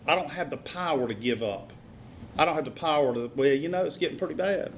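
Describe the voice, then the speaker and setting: A middle-aged man giving a blunt, plain-spoken personal testimony at a recovery meeting, halting often with fillers. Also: fairly high pitch, expressive, a little hiss or hum.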